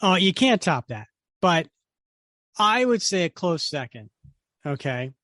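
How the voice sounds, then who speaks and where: Here a middle-aged podcast co-host talks a little slowly in a high-pitched voice, keeping the casual chat animated. Snatches of song and laughter pop up along the way, recorded in studio quality with no echo.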